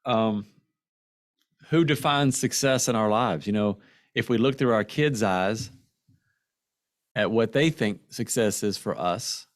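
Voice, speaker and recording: A man's voice: fairly low pitch, takes it slowly, long pauses, dry recording, clean studio sound. A middle-aged man hosting a finance podcast, telling stories in loose, rambling casual chat. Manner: storytelling, rambling with fillers and restarts. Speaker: podcast host and financial planner.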